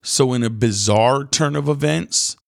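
A man's voice: medium pitch, unhurried, vocal fry, no room sound, studio quality. A man hosting a podcast, retelling a Bible story in a casual, slangy sermon style and acting out the characters. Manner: animated, slangy, acts out characters in quotes. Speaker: podcast host, preacher.

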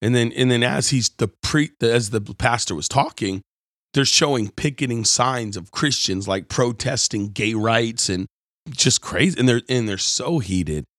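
A man giving a conversational, storytelling sermon as host of his show, moving between quiet reflection and animated retelling. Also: medium pitch, a little slow, dry recording, clean studio sound. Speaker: pastor. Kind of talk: sermon-style talk.

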